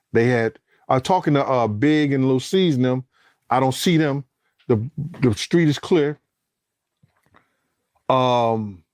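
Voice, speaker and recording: In a dry, clean studio recording, a medium-pitched male voice spins an animated yarn. He swears freely, performs each character's lines, and gets louder, even shouting, when the story heats up.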